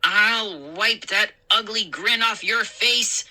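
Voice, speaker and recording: A woman voicing an excitable young boy who shouts and plays. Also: medium pitch, takes it slowly, pitched above the performer's own voice, heavily acted. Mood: excited.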